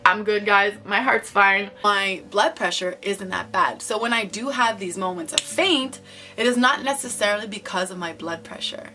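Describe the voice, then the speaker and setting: A young woman talks to her camera at home in a loose, rambling vlog confession, leaning on "like" and restarting her sentences. Her voice sits mid-range but rings bright and a little tense. Faint music hums underneath. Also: medium pitch, moderate pace. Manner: rambling, frequent "like" fillers and restarts. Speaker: vlogger. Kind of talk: candid personal confession to camera.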